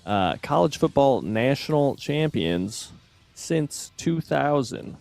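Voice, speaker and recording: A man, a video producer on a sports show, calmly explaining a trivia game. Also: medium pitch, slow, creaky, soft background music. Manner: easygoing, explains the game rules. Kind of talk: casual sports talk.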